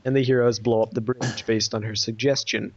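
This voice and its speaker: A man's voice: mid-range voice, fairly even intonation, a little fast, no echo, highs cut off. A man casually reviewing an episode, retelling the plot in a rambling way and voicing quoted lines.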